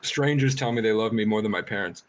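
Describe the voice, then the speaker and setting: A man's voice: on the low side, quick pace, background noise. A man chatting casually on a live stream, rambling and swearing, and laughing often between stories.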